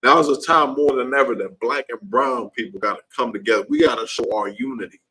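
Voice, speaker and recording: A man's voice: mid-range voice, fast talker, sharp tone, husky, poor audio. A man teaching a class in an impassioned preaching style, heated and repetitive, his voice leaping upward when he gets worked up.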